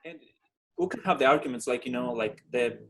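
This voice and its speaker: A man hosting an interview and asking probing questions in slightly halting phrasing. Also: mid-range voice, expressive, slight background noise, rough recording. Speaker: host.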